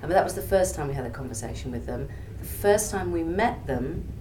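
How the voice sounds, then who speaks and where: A woman's voice: low voice, lively intonation, fairly quick, echoey room, noisy background. A woman stage actor chatting in an interview, checking her memory with her partner as she talks.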